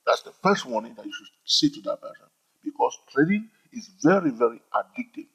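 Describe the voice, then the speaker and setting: Husky, lively-voiced male trading teacher. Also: mid-range voice, fairly quick. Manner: emphatic, repetitive, peppered with "all right?". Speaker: trading educator. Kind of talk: informal teaching monologue. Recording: dull lo-fi recording.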